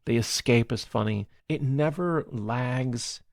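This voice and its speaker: A man co-hosting a movie podcast, retelling film scenes in a casual, animated way and laughing often. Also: mid-range voice, slow, gravelly, no echo, clean studio sound. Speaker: podcast co-host. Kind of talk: casual movie review chat.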